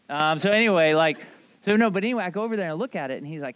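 A man in his thirties preaching a sermon, animated and casual, acting out voices in his retelling. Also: on the high side, very fast, clear, resonant tone, highs cut off. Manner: animated storyteller, acts out voices, casual asides. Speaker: pastor.

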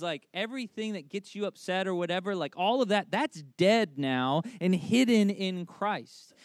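A man in his thirties preaching in a loose, chatty way, stressing points by repeating them and slipping in lots of "like." His voice sits a bit on the high side. The sound is close and dry. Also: no room sound. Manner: conversational, with humorous family anecdotes and frequent "like"; emphatic, repeating key phrases. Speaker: pastor. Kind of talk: sermon.

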